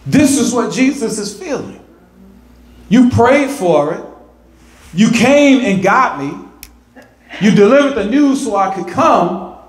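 A pastor preaching a sermon in a church, animated, repeating words and building to emphatic, rising peaks. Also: male voice, sits high, slow, pauses often. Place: church sanctuary. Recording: echoey church sanctuary.

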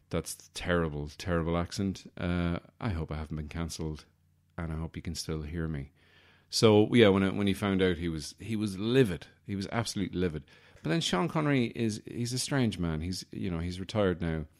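This comedy podcast host has a very low, deep voice and keeps a moderate pace with few pauses. He drifts between asides in a wry, self-mocking way, regularly catching his own slips and fixing them.

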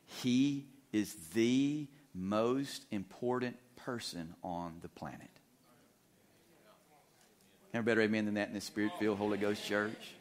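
A man preaching a sermon as pastor, repeating phrases and putting questions to the congregation. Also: on the low side. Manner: repetitive, emphatic, asks the congregation questions.

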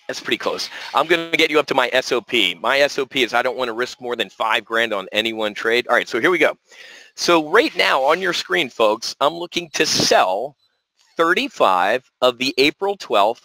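A man hosting a live options trading webinar, talking in an energetic, folksy way and repeating words for emphasis. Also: medium pitch, no room sound, poor audio. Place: resort room.

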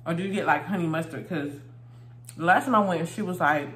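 A woman chats and laughs her way through a meal for her phone camera. Her voice sits on the low side, and the room around her sounds noticeably echoey. She keeps it loose and conversational, like she's talking to friends. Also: quick pace, fairly bright tone, slight background noise. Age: adult, married. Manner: chatty, laughs often, talks while eating. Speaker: vlogger. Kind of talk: casual mukbang chat.

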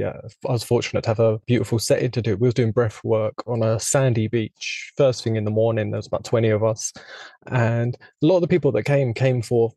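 Gravelly, warm-voiced middle-aged man. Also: mid-range voice, dry recording. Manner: earnest, reflective, rambling. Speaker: podcast host. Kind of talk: casual interview conversation.

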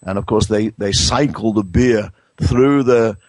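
Low-voiced Englishman with many restarts. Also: unhurried, a little mellow, no echo. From England. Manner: hesitant, many restarts and fillers. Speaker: brewing science professor, guest. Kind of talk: conversational expert interview.

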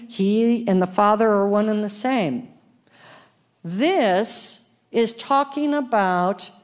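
A woman pastor preaching a sermon, laughing often and reading scripture slowly with emphasis. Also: mid-range voice.

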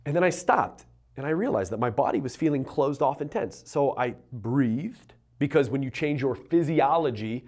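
A man coaching entrepreneurs in a motivational talk to camera, earnest and emphatic, slowing down on key phrases. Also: medium pitch, animated, a little mellow.

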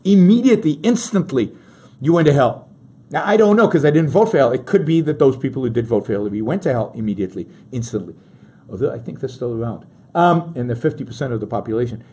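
A male talk show host giving emphatic political commentary, piling up words for emphasis and pausing to muse over his own word choice. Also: medium pitch, animated, dark tone, slightly rough. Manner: self-correcting, muses aloud over word choice.

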